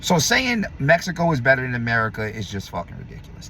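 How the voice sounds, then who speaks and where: Man, heated vlog rant, swearing a lot, lively pitch, faint background noise. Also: quick pace, few pauses. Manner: blunt, profane, combative; swings between loud emphasis and low muttering. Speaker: vlogger. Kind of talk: heated opinion rant to camera.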